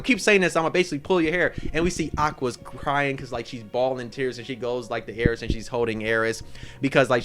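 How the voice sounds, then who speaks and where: A man retelling a story at a rapid clip in a casual, excitable way. His voice sits a little high, and he swears freely and peppers his talk with "like" as he rushes along. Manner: excitable, profane, heavy use of "like". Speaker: anime channel host.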